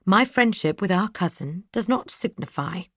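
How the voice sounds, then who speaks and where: A woman's voice: on the low side, expressive, normal speed, fairly bright tone, dry recording, pitched above the performer's own voice. A woman voicing a grieving young woman confronting her brother, her voice rising, pleading and tearful. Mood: tense.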